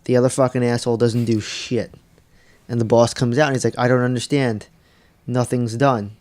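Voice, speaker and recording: Man, podcast co-host, casual chat, animated storytelling, swears freely, mid pitch. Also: moderate pace.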